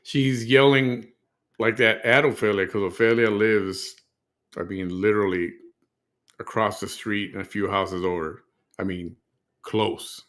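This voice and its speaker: A man's voice: lowish voice, fairly even intonation, a little slow, a bit bright. A man hosting a reaction commentary with incredulous, sardonic asides between clips. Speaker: commentary host.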